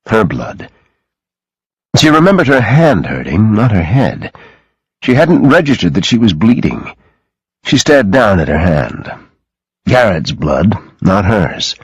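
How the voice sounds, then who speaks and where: A man reading an audiobook in a dramatic, expressive way, close to the mic. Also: fairly low pitch, takes it slowly, pauses often, slightly rough, no echo, rough recording. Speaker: audiobook narrator. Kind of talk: scripted audiobook narration.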